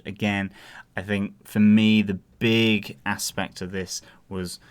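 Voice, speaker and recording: A man's voice: low-pitched, clear, resonant tone. A man co-hosting a podcast, giving an upbeat casual review and repeating words of praise. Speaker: podcast co-host.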